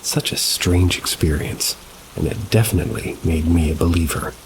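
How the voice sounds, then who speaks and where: A man reading reader-submitted paranormal stories as scripted narration, at a slow, measured pace. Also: deep voice, very noisy. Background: rain.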